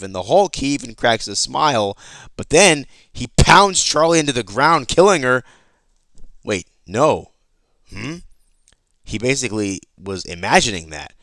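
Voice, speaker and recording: A man's voice: fairly low pitch, fairly bright tone, no echo. A man giving a loose, chatty recap of a comic issue, swearing freely and often restarting his sentences. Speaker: comic book YouTuber.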